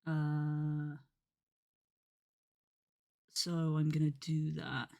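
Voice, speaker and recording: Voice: medium pitch, fairly even intonation, drawn-out words, long pauses, darkish tone. A live streamer chatting casually and a little out of breath, rambling with lots of fillers and poking fun at their own lateness. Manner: rambling, filler-heavy, self-deprecating. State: slightly out of breath.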